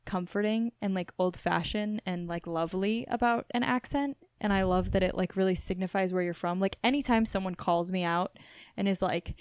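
A woman's voice: mid-range voice, moderate pace, smooth, no echo. A young woman from Missouri with a faint Southern Midwestern twang, co-hosting a podcast as a casual chat with many fillers. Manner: chatty, many fillers, animated. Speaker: podcast co-host.

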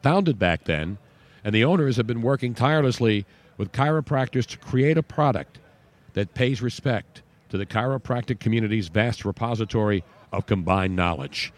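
A man's voice: lowish voice, expressive, moderate pace. A man hosting a radio talk show, chatting and reading ads in an emphatic, repetitive way. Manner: chatty, emphatic, repeats words for stress. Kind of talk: casual sports talk with live ad reads.

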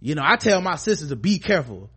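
A man's voice: fairly high pitch, big pitch swings, fast talker, sharp tone, breathy edge. A man hosting a podcast, talking in a rambling, impassioned and profane way. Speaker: podcast host. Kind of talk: casual podcast commentary.

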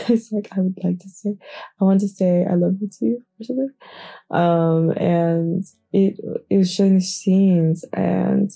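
Young woman, gravelly vocal fry, very dark mellow tone, groggy early-morning ramble, giggly, faint music behind. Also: medium pitch, fairly even intonation, unhurried. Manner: chatty, giggly, swears freely. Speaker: podcast host. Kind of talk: rambling casual morning chat. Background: faint background music.

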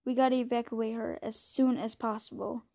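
Woman voicing a male lieutenant, curt commands, slightly higher mellow voice. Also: level tone, moderate pace, dry recording, studio quality, lightly acted. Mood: grim. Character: male army lieutenant giving orders.

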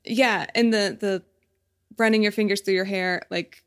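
A woman's voice: mid-range voice, fairly even intonation, normal speed, fairly bright tone. Woman, thirties, podcast co-host, giggly and chatty, loose casual delivery. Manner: giggly, chatty, trails off with fillers. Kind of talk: casual chat.

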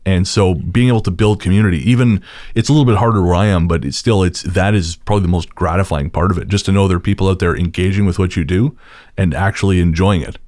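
A man's voice: sits low, fast, darkish tone, no echo, clean studio sound. A man interviewing a fellow podcaster, speaking earnestly with many restarts. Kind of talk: casual interview chat.

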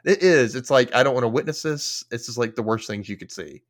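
A man of middle pitch talks through a TV episode on his podcast, rambling and informal. He leans heavily on filler words and swears freely. His delivery is loose and conversational. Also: brisk. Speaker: podcast host. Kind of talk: casual episode recap.

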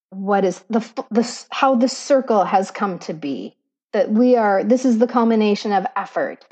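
A woman's voice: medium pitch, darkish tone, dull audio. A woman co-hosting a podcast, telling a story in an earnest, heartfelt way with self-deprecating asides, recorded on a laptop microphone. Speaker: podcast co-host. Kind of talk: reflective storytelling chat.

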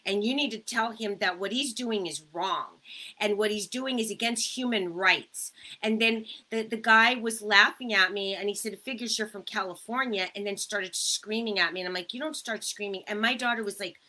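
A woman's voice: medium pitch, moderate pace, sharp tone. A woman co-hosting a casual live chat, telling her story in an earnest, indignant way. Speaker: co-host, radio producer.

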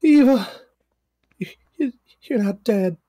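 Brief: frantic, high-pitched worried woman, breathless squeals as a game master does her. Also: lively intonation, slow, mellow, no echo, studio quality, full character voice.

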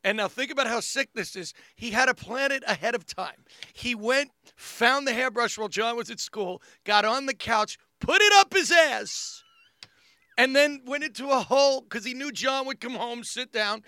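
A man telling wild family stories on a casual podcast, acting out relatives with sudden loud bursts. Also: moderate pace, hardly any pauses, dry recording, clean studio sound. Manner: animated storyteller who acts out family members with big jumps in pitch and loudness. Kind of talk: casual comedic storytelling.

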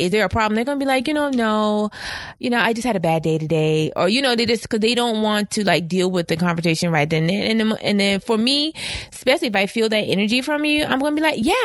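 A sassy, playful woman co-hosting a casual podcast. Her voice sits at a middle pitch. The sound is dry and close, with no room echo. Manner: sassy, playful, laughs often, acts out quoted lines. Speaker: podcast co-host. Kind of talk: casual chat.

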